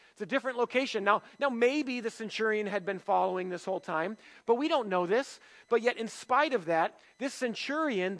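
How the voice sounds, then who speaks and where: A man's voice: sits high, fairly bright tone, rough recording. A man preaching a sermon as pastor of a church, conversational, asking rhetorical questions and joking at his own expense.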